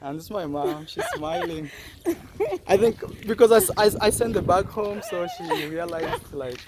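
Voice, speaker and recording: A young man from Kenya vlogging casually at his rural family home, soft-spoken and halting, with many fillers. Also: high-pitched, very animated, gravelly, crowd noise. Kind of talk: casual vlog chat.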